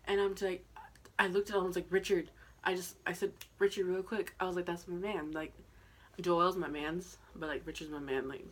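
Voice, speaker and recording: A young woman telling a story in a casual vlog, excitable and chatty, swearing freely and full of fillers. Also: fairly low pitch, a little fast. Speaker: vlogger.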